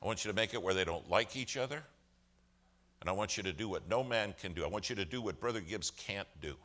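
A man, a lawyer by trade, telling a story in a sermon. He acts out the other people's lines with humor and gets loud at key moments. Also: fairly low pitch, fast talker. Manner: animated storyteller, acts out quoted voices with humor. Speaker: lawyer giving a testimony.

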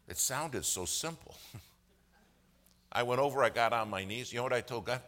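A man with a lowish voice and a forceful, bright edge tells a story before a congregation. He is a lawyer by trade and plays every part himself. He drives the punchlines home with sudden loud bursts. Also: normal speed. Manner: animated storyteller, acts out quoted voices with humor. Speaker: lawyer giving a testimony. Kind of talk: sermon storytelling.

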